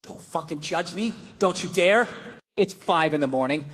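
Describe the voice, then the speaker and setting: A middle-aged man doing stand-up on a club stage, telling a profane, animated story and mimicking his family. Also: fairly high pitch, moderate pace. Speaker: stand-up comedian.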